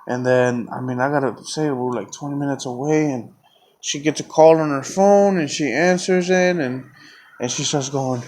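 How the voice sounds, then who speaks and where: A man telling a long story on his own podcast. He talks in a loose, rambling way, swears constantly and gets heated. His voice sits at an ordinary middle pitch, with a faint hiss of background noise behind him. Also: moderate pace, darkish tone. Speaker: podcast host. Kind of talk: casual storytelling.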